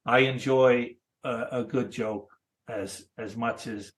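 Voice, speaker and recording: A man in his sixties, a cartoonist guest, chatting casually in a thoughtful, halting way with many restarts. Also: mid-range voice, fairly even intonation. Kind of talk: casual interview chat.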